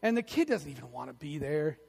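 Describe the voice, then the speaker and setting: A male pastor preaching a sermon in a church, telling animated stories and delivering lines with emphasis. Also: on the high side, brisk, vocal fry, slightly rough, long reverb tail. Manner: animated storytelling, emphatic, acts out quotes.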